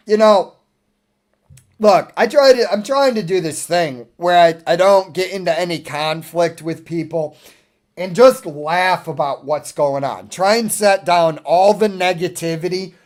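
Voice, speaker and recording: Male streamer, high voice, slow drawl, swearing, laughing, exasperated. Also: a little mellow. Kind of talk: casual ranting monologue.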